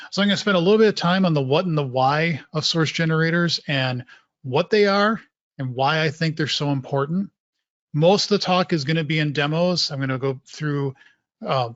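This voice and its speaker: Male presenter, slightly raised pitch, casual technical talk, dry and slightly muffled recording. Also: dry recording. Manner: relaxed explanatory, repeats points for emphasis. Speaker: presenter at a developer meetup.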